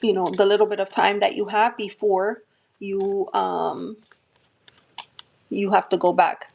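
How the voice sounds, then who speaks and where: A woman with a light New Jersey accent speaks in an unhurried, gentle way, reassuring her viewers during a live tarot stream. Her talk is loose and chatty, full of fillers and small restarts, at a mid pitch. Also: little pitch movement, vocal fry. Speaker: tarot reader hosting a livestream. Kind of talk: live-stream chat and readings.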